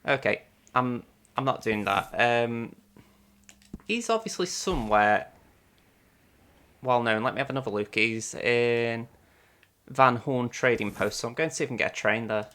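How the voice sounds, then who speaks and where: A man's voice: mid-range voice, expressive, normal speed, long pauses, fairly bright tone. A man streaming a video game and chatting along as he plays, narrating his own moves and talking to his viewers. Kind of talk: live game-stream commentary.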